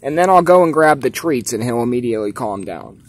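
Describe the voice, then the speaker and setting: A man's voice: medium pitch, lively intonation, a little fast, dry recording. A man filming his outdoor cats, talking to them in a laid-back, chatty, teasing way and explaining their habits. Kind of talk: casual vlog narration. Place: outdoors at home.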